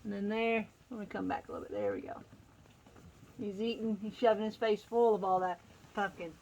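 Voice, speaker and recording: A woman's voice: medium pitch, expressive, brisk, a little mellow, a little hiss or hum, poor audio. A woman hosting a casual picture-book read-aloud outdoors on a farm, laughing often and making playful asides to her animals.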